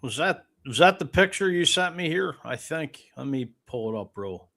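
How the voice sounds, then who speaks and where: A man hosting a casual interview podcast, relaxed and brief in his reactions. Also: fairly high pitch, moderate pace, vocal fry. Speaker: podcast host.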